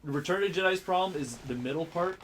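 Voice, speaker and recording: Excitable, swearing young man on a podcast. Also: on the high side, fast, a little hiss or hum. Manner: excitable, profane, acts out scenes with loud outbursts. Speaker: podcast co-host. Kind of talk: casual film chat.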